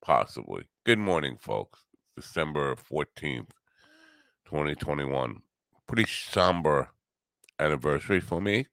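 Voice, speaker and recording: A man's voice: rumbling low, animated, a little slow, gravelly, long pauses, fairly bright tone, dry recording. A middle-aged man hosting a solo morning chat show, rambling with wry, teasing humor. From US Northeast. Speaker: podcast host.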